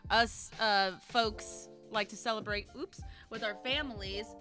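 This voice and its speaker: Young woman, podcast host, casual chat, bright forward voice, faint music. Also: medium pitch. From United States. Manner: bubbly, laughing, quick asides.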